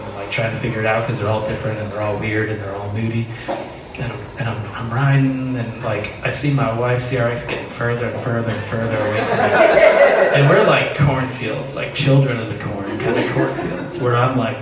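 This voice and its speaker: Man, live storyteller, rambling and profane, heard from far off in a very echoey room with clear background noise. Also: medium pitch, brisk. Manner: rambling, profane, laughs through the telling.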